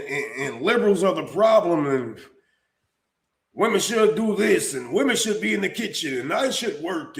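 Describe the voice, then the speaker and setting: High-voiced man ranting in an echoey room. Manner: profane, heated and blunt, with repeated restarts. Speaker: streamer and commentary host. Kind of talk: live-stream commentary rant.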